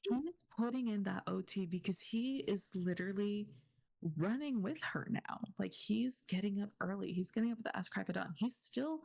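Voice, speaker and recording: A woman's voice: mid-range voice, normal speed, gravelly, a little mellow, no room sound, studio quality. A woman co-hosting a book podcast in casual chat, ranting emphatically with plenty of profanity. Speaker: podcast co-host.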